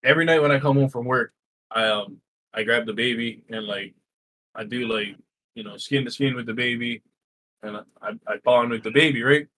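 Animated man telling a home story. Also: mid-range voice, a little fast, low-quality recording. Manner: animated storyteller, frequent fillers and swearing. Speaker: podcast co-host. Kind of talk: casual podcast storytelling. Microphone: game console headset. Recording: faint noise, home recording.

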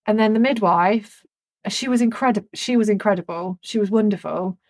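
A woman telling a story on a podcast, frank and animated, with a soft, breathy edge to her voice. She swears freely and keeps the chat casual. The sound is dry and close. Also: medium pitch, moderate pace, no echo. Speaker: podcast co-host.

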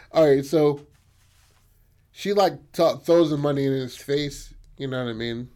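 A man's voice: on the high side, measured pace, a little mellow. A young man hosting a podcast, casually retelling a story with lots of swearing and fillers like "you know what I mean". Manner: loose, profane retelling with many fillers. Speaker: podcast host.

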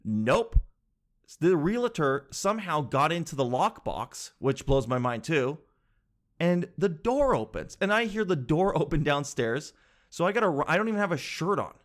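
A young man telling a story in a casual, animated way, swearing freely and acting out what others said. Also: fairly high pitch, moderate pace. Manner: animated, swears freely, acts out quoted voices.

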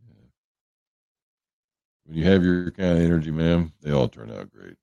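Livestream host, male, very low gravelly voice, dark tone, rambling and joking with chat. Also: expressive, moderate pace, no room sound, dull audio. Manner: rambling, joking, greets viewers by name. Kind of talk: casual chat with viewers. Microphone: headphones on a livestream setup.

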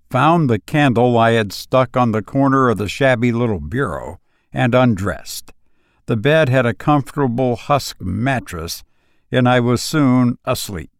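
A man narrating a first-person story in a calm, measured reading voice. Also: medium pitch, no room sound, clean studio sound.

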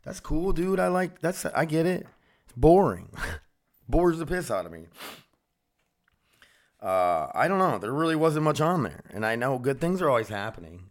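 A man hosts a solo podcast from a home studio room, rambling and easily sidetracked, frustrated with himself, self-deprecating and casually swearing. His voice is on the high side with big pitch swings, at normal speed with frequent pauses.

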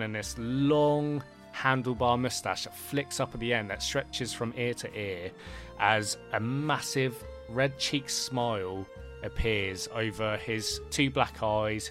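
A man's voice: lowish voice, fairly bright tone. A man narrating a tabletop game as game master, describing scenes in a loose, rambling way with many fillers.

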